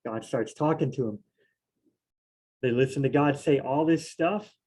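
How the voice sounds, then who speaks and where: A man's voice: mid-range voice, unhurried, a little mellow, husky. A man studying scripture aloud on his own, reading verses and then paraphrasing them in a loose, fumbling way, often correcting himself. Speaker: solo Bible study host.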